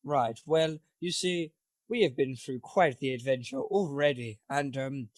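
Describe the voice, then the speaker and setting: A man playing a tabletop game, speaking in measured, formal phrases. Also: mid-range voice, dry recording. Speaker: player.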